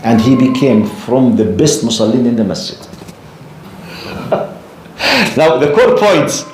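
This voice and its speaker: A man giving a storytelling religious lecture to a live class, animated and often asking the audience questions. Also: medium pitch, takes it slowly, noisy background. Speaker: Islamic lecturer. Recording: echoey room.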